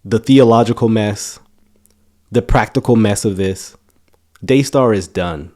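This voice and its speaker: Mellow-voiced man reading and commenting. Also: lowish voice, unhurried. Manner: casual, emphatic, stumbles and restarts words. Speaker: YouTube commentator. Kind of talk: reading an article aloud with commentary.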